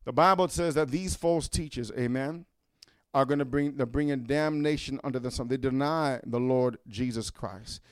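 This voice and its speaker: A man preaching a fiery sermon, punctuating his points with "amen?" and building to shouts. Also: mid-range voice, normal speed, clean tone, no room sound, studio quality.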